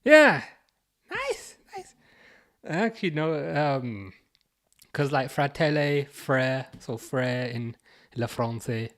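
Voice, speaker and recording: Man, Birmingham accent, livestream host, reads chat messages aloud, relaxed and rambling. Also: medium pitch, takes it slowly, long pauses. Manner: reads viewer comments aloud, chatty with frequent restarts and chuckles. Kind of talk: casual live-chat commentary.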